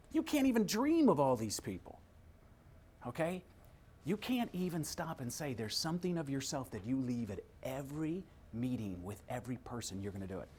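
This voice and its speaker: A middle-aged man telling an excitable story as a guest in a webcast interview. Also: high-pitched.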